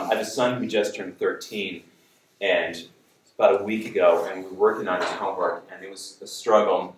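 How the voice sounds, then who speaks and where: Low-voiced man telling stories in an echoey hall. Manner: animated, anecdotal, acts out dialogue. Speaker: speaker and coach. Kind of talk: public talk, storytelling. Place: lecture room. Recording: roomy hall, distant mic.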